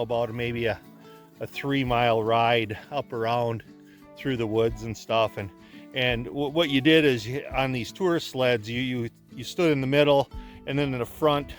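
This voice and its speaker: A man's voice: medium pitch, a bit bright. Rambling man telling a sled dog story. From Wisconsin. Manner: rambling, repeats words as he restarts. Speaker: homesteader and former sled dog guide. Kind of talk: casual storytelling.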